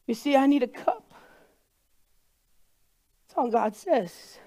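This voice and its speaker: A woman's voice: high-pitched, animated, takes it slowly. A woman preaching a sermon to a congregation in a church room, impassioned and repeating herself for emphasis. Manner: impassioned, building to loud crying pleas.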